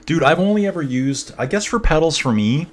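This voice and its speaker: A man's voice: on the high side, expressive, a little fast. A man giving casual live commentary on a cycling race, chatting and rambling with his viewers. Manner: chatty and rambling, talks to viewers as "guys" and "dude".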